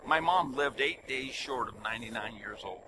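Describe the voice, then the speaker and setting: Older man, preacher, sermon, lively pitch, loud emphasis and soft asides, vehicle hum behind. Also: moderate pace. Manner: animated storytelling, swings between loud emphasis and soft asides.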